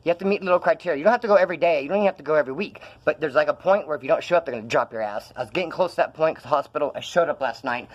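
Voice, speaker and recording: A man's voice: on the high side, very fast, few pauses, muffled recording. A young man telling stories in a rambling, profane way while feeling ill, filming himself in a room. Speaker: vlogger. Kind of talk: casual rambling vlog.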